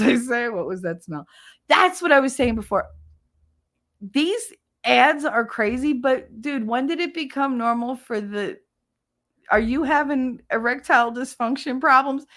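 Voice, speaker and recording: A woman's voice: a little high, expressive, a little slow. A middle-aged woman with a New Jersey accent, chatting casually on a livestream, laughing often and swearing freely. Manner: loud, laughing, profane storytelling. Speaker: livestream host.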